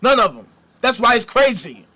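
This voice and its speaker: This male host delivers a profane, combative rant as ranting commentary on his show. His voice is very high-pitched and very animated at a normal speed, and the anger boils over into shouting at times.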